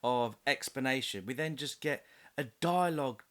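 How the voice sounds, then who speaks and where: A man's voice: medium pitch, moderate pace, fairly bright tone. A man doing a comedic voice-over review of a film, sarcastic and mocking, with frequent laughs.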